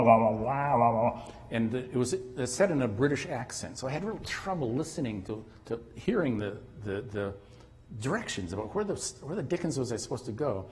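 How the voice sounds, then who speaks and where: A man's voice: medium pitch, a little mellow. A man giving a lecture at a conference, rambling with restarts and now and then imitating sounds. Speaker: conference speaker. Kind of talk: academic lecture. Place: conference hall. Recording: long reverb in a hall.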